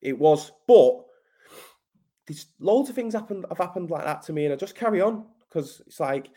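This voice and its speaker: This Manchester man's voice sits high yet has a dark tone, and he's animated at a normal speed. As a podcast guest he tells a story in blunt, sweary talk, calling the host mate.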